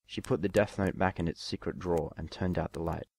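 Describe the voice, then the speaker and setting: A man narrating a fanfiction story in an expressive reading voice. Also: low-pitched, fairly quick, a little hiss or hum. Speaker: fanfiction reader.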